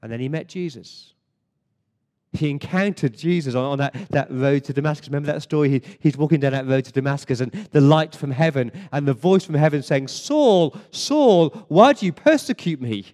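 A man's voice: mid-range voice, steady tone, a little fast, mellow, big-room sound. An English man preaching a sermon in a church, emphatic, with rhetorical questions and frequent word repeats. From England. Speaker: pastor. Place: church service.

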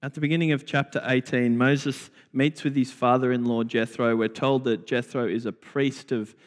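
A man, preaching a sermon in slow, deliberate phrases with repetition. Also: mid-range voice, fairly even intonation. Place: church. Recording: long church reverb.

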